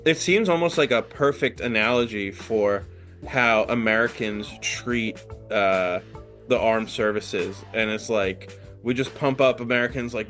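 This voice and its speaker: A man's voice: on the low side, measured pace, fairly bright tone, faint music behind. A man co-hosting a podcast, trading jokes about a movie and giving earnest opinions. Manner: joking, then earnest opinions. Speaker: podcast co-host. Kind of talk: casual movie discussion.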